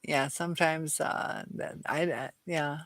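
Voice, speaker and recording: A woman's voice: sits low, fairly even intonation, unhurried, a bit bright, slight background noise. A tired woman hosting a live chat, reading viewer comments aloud and hesitating often. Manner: hesitant, many fillers and restarts. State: tired and dizzy.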